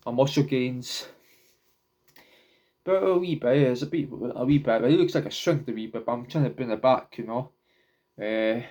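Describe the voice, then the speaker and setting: Halting young man vlogging. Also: mid-range voice, a little mellow. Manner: halting, repeats and restarts words. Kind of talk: casual rambling to camera.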